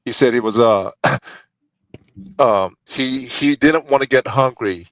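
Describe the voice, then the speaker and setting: A man's voice: mid-range voice, slow pace, fairly bright tone, no room sound, highs cut off. A man in casual podcast banter who rambles through a story with restarts, fillers and swearing.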